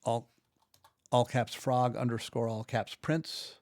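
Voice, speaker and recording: A man's voice: medium pitch, little pitch movement, slow pace, darkish tone, no echo. A man walking through his computer work in a casual, rambling way, thinking aloud and restarting his sentences. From United States. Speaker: audiobook narrator and video creator. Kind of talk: casual screen-recording walkthrough.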